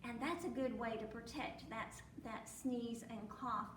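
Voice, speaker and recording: A woman's voice: on the high side, fairly even intonation, unhurried. A woman librarian reading a children's picture book aloud at storytime, acting out sneezes and animal sounds along the way. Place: library room. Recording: echoey room, mic at a distance, faint noise.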